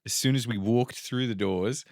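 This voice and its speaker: A young Australian man co-hosting a podcast, telling travel stories in a relaxed, casual way with plenty of swearing. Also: medium pitch, normal speed, gravelly, no echo, clean studio sound. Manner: laid-back storytelling with swearing. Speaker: podcast co-host.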